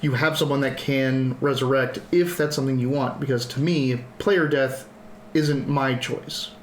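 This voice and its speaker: A man's voice: mid-range voice, fairly even intonation, moderate pace, reverberant, a little hiss or hum. A man running a tabletop game as dungeon master, who laughs easily and rambles with fillers. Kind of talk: casual tabletop game narration.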